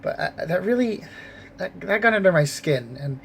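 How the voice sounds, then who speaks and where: Profane, animated man telling a story. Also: high-pitched, moderate pace, gravelly, slight background noise. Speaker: convenience store clerk. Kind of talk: casual storytelling vlog.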